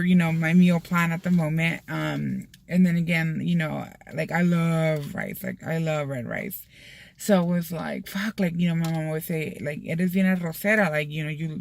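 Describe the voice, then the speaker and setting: A woman's voice: low voice, creaky, darkish tone, no echo. A young woman chatting casually to camera, full of fillers, slipping in Spanish phrases, from a Mexican-American family. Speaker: vlogger.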